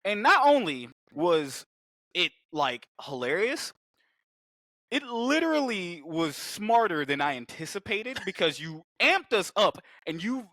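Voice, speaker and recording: A man's voice: high voice, a little slow, dry recording. A man co-hosting a podcast in casual chat, swearing freely and acting out the lines he quotes. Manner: excitable, swears a lot, acts out quoted lines. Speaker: podcast co-host.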